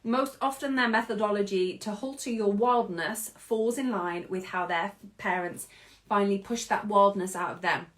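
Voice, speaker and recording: A British woman in her thirties hosting a podcast, speaking in an expressive reflective monologue and often laughing. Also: medium pitch, moderate pace. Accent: British English. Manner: expressive, acts out quoted voices, laughs often. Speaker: podcast host.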